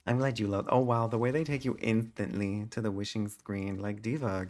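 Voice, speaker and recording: A man's voice: steady tone, brisk, a little mellow. Sassy theatrical male streamer. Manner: sassy, theatrical, calls chat divas; voice leaps high when exclaiming. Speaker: game streamer. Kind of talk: live stream chatting with chat.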